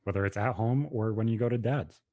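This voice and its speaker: A man's voice: on the low side, a little fast, mellow, no echo. A man in his thirties telling a personal story on a podcast in a blunt, profane, emphatic way. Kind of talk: casual podcast conversation.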